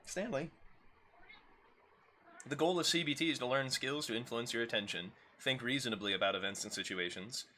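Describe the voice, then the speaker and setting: Streaming from home, a man reads aloud from a self-help workbook and occasionally stops to talk with viewers and his pets. He speaks fast with few pauses, in a medium-pitched, sharp voice, with slight background noise.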